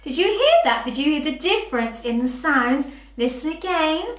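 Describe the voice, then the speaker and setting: A woman teacher giving a preschool phonics lesson, talking slowly to small children in a sing-song, animated way. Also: sits high, noisy background. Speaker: early years teacher. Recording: roomy echoey room.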